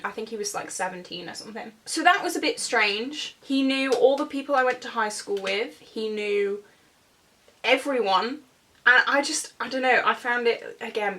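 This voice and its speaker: A young woman in her twenties tells a long, rambling story at home while she does her makeup, trailing off into fillers and side comments. Her voice sits a bit high and is picked up from a little way off the mic. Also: fairly bright tone, distant mic. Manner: rambling, full of fillers and asides. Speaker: vlogger.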